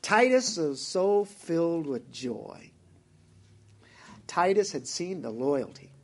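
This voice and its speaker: A man's voice: on the high side, very animated, slow. A man with a Southern US accent who preaches a sermon as pastor, asking his congregation direct questions.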